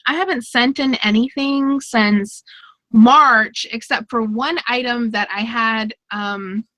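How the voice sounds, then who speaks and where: A woman's voice: a little high, sharp tone, no room sound. A woman hosting a casual online chat show, talkative and laughing often. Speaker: podcast host.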